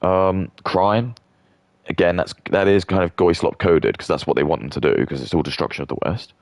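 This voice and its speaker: A man's voice: sits low, moderate pace, a little mellow, no echo, studio quality. A British man in his thirties, talking in a rambling, blunt rant with frequent stammering restarts. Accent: British English. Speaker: streamer.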